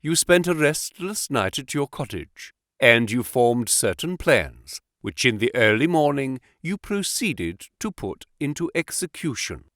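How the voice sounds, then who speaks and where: A man reading an audiobook, voicing a calm, commanding detective who speaks in a crisp, precise, insistent way. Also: medium pitch, a little slow, hardly any pauses, no echo, studio quality. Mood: calm, assured. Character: cool, commanding male detective, calm and assured.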